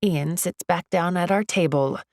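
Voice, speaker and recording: Female narrator for a first-person romance audiobook, low and gravelly, close dry studio sound, expressive and chatty. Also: unhurried, dry recording. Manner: expressive, chatty, lively inner monologue.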